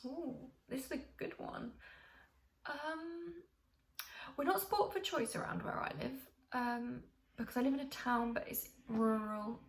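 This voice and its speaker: A woman's voice: high-pitched, measured pace. A young woman from the UK chatting casually to camera as a vlogger, rambling with many ums and restarts. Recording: echoey room, faint hiss.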